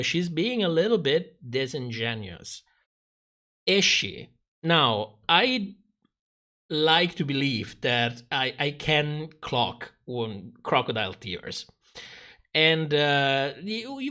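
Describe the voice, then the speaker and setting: A man's voice: fairly high pitch, fairly bright tone. A man hosting a livestream, chatting casually and animatedly, laughing often and going off on asides. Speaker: host of a drag show review livestream.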